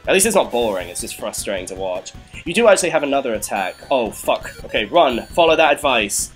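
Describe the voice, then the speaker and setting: A man's voice: medium pitch, very animated, brisk, faint music behind, rough recording. A young man commentating a game he plays, frustrated, swearing and laughing at himself. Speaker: let's play host.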